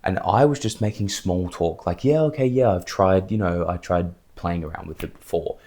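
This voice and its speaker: Fired-up, low-voiced man. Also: fairly even intonation, normal speed, darkish tone. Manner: fired-up and emphatic, rambling. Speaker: vlogger. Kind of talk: motivational vlog storytelling.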